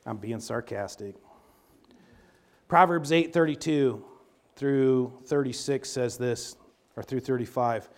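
A man preaching a sermon in a folksy, animated way, moving between loud emphatic bursts and quiet low asides. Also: takes it slowly, pauses often. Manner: animated, folksy storytelling with sports analogies. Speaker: pastor.

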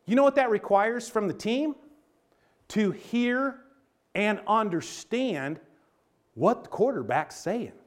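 A man preaching a sermon in a folksy, animated way, moving between loud emphatic bursts and quiet low asides. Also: slow, long pauses. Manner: animated, folksy storytelling with sports analogies. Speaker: pastor.

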